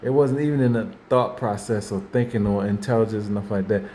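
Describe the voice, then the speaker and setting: Talking a little fast in a mellow, lowish voice, this host chats casually about faith and daily life. His style wanders: he repeats himself, starts over, and performs other people's quotes, while slight hiss or hum sits under the audio.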